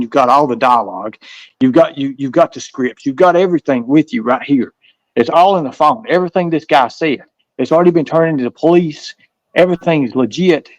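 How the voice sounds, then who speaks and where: A man's voice: mid-range voice, no echo, lo-fi sound. A man from the American South with a Southern accent, a guest telling stories in a casual interview, rambling and repeating himself. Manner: rambling, repeats words, acts out voices in stories.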